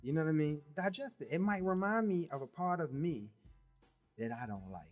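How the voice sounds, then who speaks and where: A man's voice: fairly high pitch, expressive, fairly quick, soft background music. A man co-hosting a casual podcast chat, talking reflectively and often checking in with "right?". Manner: reflective, asks "right?" and "you know what I mean?". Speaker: podcast co-host.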